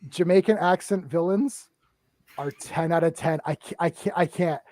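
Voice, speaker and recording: A man hosting a casual podcast chat, telling stories in an excitable, self-mocking way. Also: on the high side, moderate pace, dry recording. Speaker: podcast host.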